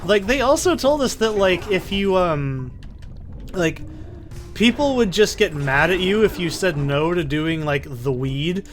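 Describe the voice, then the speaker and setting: A man's voice: high voice, lively intonation, measured pace, faint music behind. A man casually commentating a video game, telling a long story with a lot of swearing and digressions. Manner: rambling, profane, self-interrupting. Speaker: let's play commentator. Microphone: desk condenser mic in a soundproofed corner.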